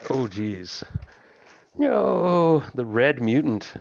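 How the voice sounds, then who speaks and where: A man's voice: mid-range voice, sing-song, extremely slow, gravelly, no echo, lo-fi sound. A man casually running a tabletop game as game master, thinking aloud and laughing along with his players.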